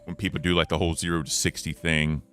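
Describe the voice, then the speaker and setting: A young man with an extremely deep voice chats casually as a podcast co-host. His tone stays bright and forward even as he rambles and lets his sentences trail off quietly. Faint music sits in the background. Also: quick pace. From United States.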